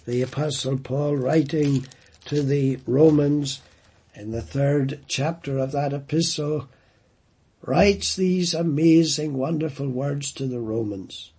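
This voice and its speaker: A man's voice: mid-range voice, gravelly, mellow, breathy edge. A man preaching a sermon, emphatic, repeating and stressing key phrases.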